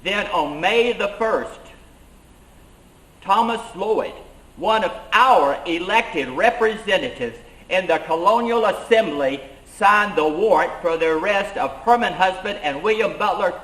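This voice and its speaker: Unhurried and expressive, a man with a high, fairly bright voice delivers a first-person historical reenactment monologue in an echoey space. As a living-history reenactor portraying an 18th-century colonial schoolmaster who became a rebel leader, he recounts his tale with earnest emphasis.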